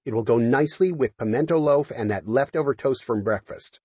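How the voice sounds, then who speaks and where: A stiff, pedantic robot cook who insists on rules , read by a man narrating. He speaks a bit higher than the narrator, in a slightly husky voice. The recording is dry. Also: brisk, a little mellow, no room sound, dull audio, lightly acted. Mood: officious. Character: fussy, officious male robot cook.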